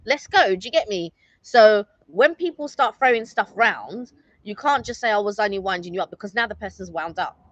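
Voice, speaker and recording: A woman's voice: medium pitch, expressive, a little fast, dry recording, highs cut off. A woman co-hosting a live stream, chatting casually and teasing her partner.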